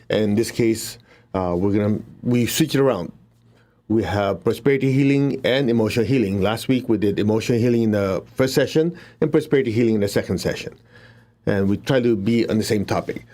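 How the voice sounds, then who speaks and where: A man's voice: mid-range voice, mellow. Laughing, blunt male spiritual teacher. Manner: chatty, laughs often, blunt asides. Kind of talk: casual spoken teaching with invocation.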